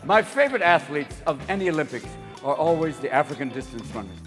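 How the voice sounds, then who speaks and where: A man doing stand-up comedy, switching rapidly between voices and shouting punchlines before a live audience. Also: a little high, sing-song. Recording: live stage mic with music and crowd laughter.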